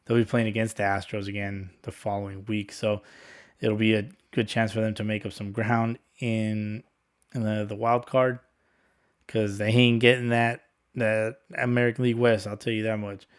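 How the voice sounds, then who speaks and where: A man hosting a casual solo sports podcast, talking in a rambling, laid-back monotone with some sarcasm and swearing. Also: fairly low pitch, moderate pace, clear, resonant tone. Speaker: podcast host.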